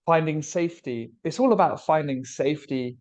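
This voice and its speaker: A man's voice: fairly high pitch, moderate pace, a little mellow. A man co-hosting a casual spiritual podcast discussion, musing in a loose, philosophical way and laughing easily. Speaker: podcast co-host.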